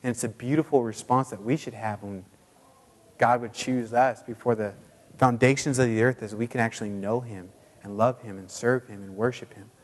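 A man preaching a sermon in a casual, chatty way with many fillers, now and then putting on high squeaky voices for quotes. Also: steady tone, moderate pace, long reverb tail. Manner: puts on high squeaky voices when quoting people. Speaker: pastor.

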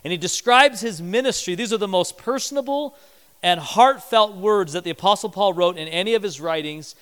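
A man delivers a sermon in a church, his voice high and smooth. He talks to the congregation conversationally and slips into short acted-out quotes. The sound carries a long hall reverb. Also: a little fast, a bit bright. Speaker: pastor.

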